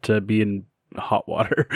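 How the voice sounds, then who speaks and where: A man's voice: fairly low pitch, sing-song, a little slow, breathy edge, no echo, clean studio sound. A man chatting casually on a podcast, riffing on absurd images and laughing. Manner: giggly, imaginative riffing. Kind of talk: casual chat.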